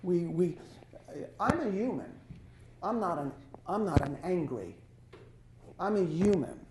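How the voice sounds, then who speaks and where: A man giving a life-coaching talk to a small audience, speaking in a halting, conversational way and often correcting himself. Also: high voice, animated, noisy background. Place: lodge hall. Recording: echoey hall.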